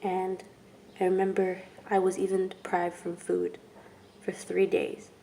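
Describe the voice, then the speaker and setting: Soft-spoken, halting young woman. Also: fairly low pitch, completely flat delivery, gravelly, slight background noise. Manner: halting and soft, with long pauses and trailing whispers. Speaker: vlogger. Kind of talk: personal testimony vlog.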